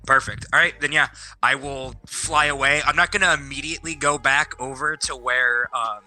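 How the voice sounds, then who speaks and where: A young man talks through his character's moves, hedging and thinking aloud. His voice is very bright and sharp at a middle pitch. Faint music sits behind him. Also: steady tone, normal speed, low-quality recording. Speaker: player. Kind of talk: casual tabletop play.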